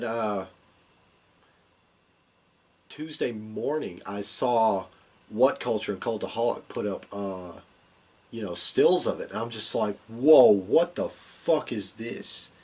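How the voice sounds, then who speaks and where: A man's voice: lowish voice, slow pace, pauses often, slightly rough. A man hosting a casual wrestling review show, rambling and swearing with lots of fillers. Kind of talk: casual chat.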